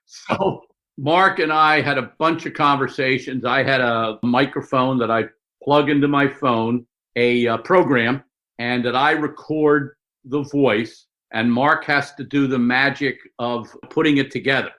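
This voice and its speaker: An older man telling stories as an interview guest, lively and full of quick asides. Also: mid-range voice, poor audio. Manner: animated storyteller, quick asides and mock voices. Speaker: sportswriter guest. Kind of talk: conversational interview storytelling.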